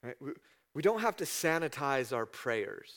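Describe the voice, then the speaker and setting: A man's voice: medium pitch, big pitch swings, moderate pace, fairly bright tone. Man preaching in a conversational sermon. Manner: conversational preaching, acts out prayers in raised voice. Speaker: pastor.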